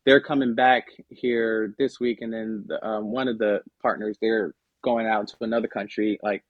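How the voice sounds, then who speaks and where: A man of average pitch talks casually on a podcast, loose and conversational, with plenty of fillers and self-corrections. The recording is dry with no room sound, and the top end is slightly dulled. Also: fairly even intonation, normal speed, dry recording, phone-quality sound. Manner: conversational, many fillers and restarts. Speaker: podcast guest. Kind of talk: casual explanatory podcast talk.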